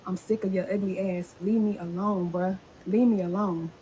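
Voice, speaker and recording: A woman's voice: mid-range voice, steady tone, normal speed, dark tone, slight background noise, low-quality recording. A woman in a played clip, delivering an angry, profane livestream rant and repeating herself heatedly.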